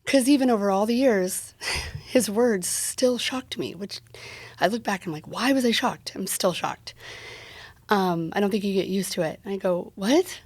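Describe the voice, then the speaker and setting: A woman's voice: mid-range voice, normal speed, a little mellow, no room sound. A woman guest on an interview podcast, candidly retelling a personal story and quoting the dialogue in it.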